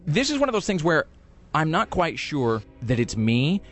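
A man's voice: on the high side, big pitch swings, normal speed, a bit bright. A man hosting a podcast, rambling sarcastically in casual chat about a TV show. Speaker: podcast host reviewing TV.

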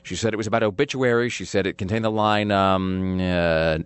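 A man's voice: lowish voice, fairly quick, hardly any pauses, smooth, no room sound. A man hosting a radio talk show in casual, rambling banter, full of fillers and self-mocking jokes.

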